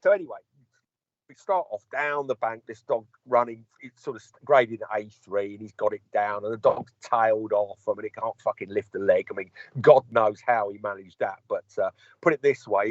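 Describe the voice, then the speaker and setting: A man's voice: lowish voice, a little fast, no room sound. A man telling a long, sweary anecdote in a casual podcast chat and acting out the people he quotes. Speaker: podcast co-host. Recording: dull lo-fi podcast audio.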